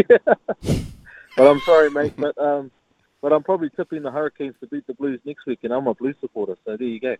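A man's voice: a little high, a little fast, a little mellow, no room sound. A man calling a sports radio show, giving blunt rugby opinions. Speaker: caller. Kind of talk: phone-in sports chat. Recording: phone line.

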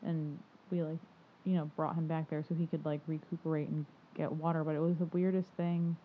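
Low-ish woman rambling w lots of "like", thin phone-line sound. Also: level tone, fairly quick. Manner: rambling, full of "like" fillers, laughs easily. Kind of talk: casual chat. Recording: tinny phone-like line with faint noise.

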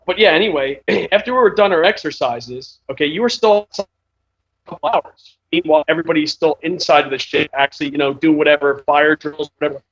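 Man, casual storyteller, fairly high voice, profane and rambling, lo-fi sound. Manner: rambling, swearing, laughing storyteller. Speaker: storyteller in group chat. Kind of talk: casual chat.

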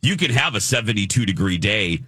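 A man hosting a morning radio show, chatting in a playful, jokey way with drawn-out exclamations. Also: on the low side, big pitch swings, sharp tone, husky, dry recording, studio quality. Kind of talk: casual morning radio banter.

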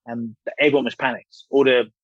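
Husky man telling a story. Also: mid-range voice, fairly even intonation, a little fast, dry recording, muffled recording. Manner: candid, swears freely, rambling restarts. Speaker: guest, former boxer. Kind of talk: casual storytelling interview.

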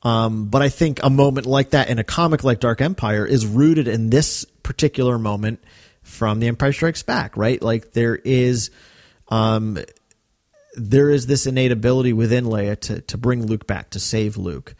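A man's voice: medium pitch, normal speed, darkish tone, no room sound, clean studio sound. Man musing through fillers on a podcast. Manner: thoughtful, rambling, many fillers and restarts. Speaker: podcast co-host. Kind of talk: casual podcast discussion.

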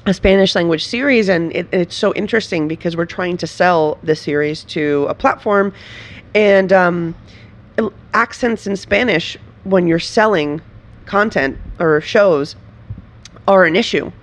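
An animated woman from Venezuela, guesting in a casual interview. She laughs often, restarts her sentences, and keeps the talk lively. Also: on the low side, a little slow. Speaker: writer and performer guest.

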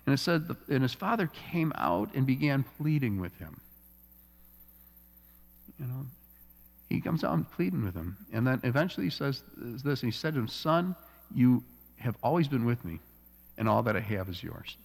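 A man's voice: mid-range voice, very animated, normal speed, creaky, long pauses. A man preaching a sermon in a conversational way, often repeating words and checking in with "all right?". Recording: long reverb of a church hall.

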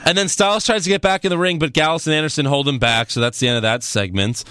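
A man hosting a casual chat, recapping events in an animated, rambling way and swearing freely. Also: a little high, fast, clear, resonant tone, no echo. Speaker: podcast host recapping wrestling.

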